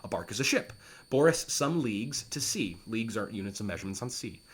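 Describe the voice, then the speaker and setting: A man's voice: lowish voice, lively intonation, fast, husky. Man explaining Shakespeare verse. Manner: reads quoted verse with lifted, dramatic emphasis, then explains plainly. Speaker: former English teacher explaining Shakespeare. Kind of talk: reading lines and paraphrasing them.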